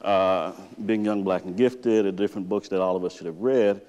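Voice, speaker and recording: A man's voice: low voice, moderate pace. A middle-aged man, a psychotherapist, giving a conference talk and telling a story by acting out how he reads to his daughter. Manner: storytelling, lively, acts out reading to his daughter. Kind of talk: conference presentation. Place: large lecture hall with reverb. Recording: long hall reverb.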